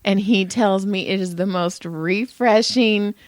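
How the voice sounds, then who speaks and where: A woman's voice: mid-range voice, unhurried, no echo. A middle-aged woman co-hosting a podcast, telling family stories in casual chat, acting out voices and swearing freely. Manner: animated storytelling, acts out voices, swears. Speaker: podcast co-host.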